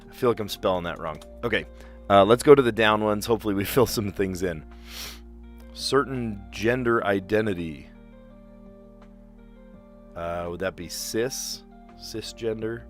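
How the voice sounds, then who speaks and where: A man's voice: lowish voice, measured pace, long pauses, faint music behind. A man casually thinking aloud as he reads puzzle clues and works through answers, with frequent restarts. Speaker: streamer playing word puzzles.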